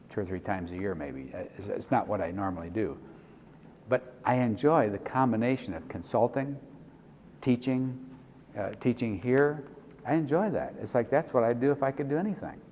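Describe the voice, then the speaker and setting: A middle-aged Christian speaker and consultant gives a conversational conference talk, acting out prayers and dialogues and frequently restarting phrases. His voice is fairly low and a little mellow, captured in a dull recording with long hall reverb and a slight hiss or hum.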